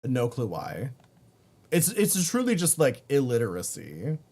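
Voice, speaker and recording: Swearing Baltimore streamer, lively pitch. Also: male voice, measured pace. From Baltimore, USA. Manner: profane, chatty, reads chat aloud. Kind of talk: casual gaming stream chat.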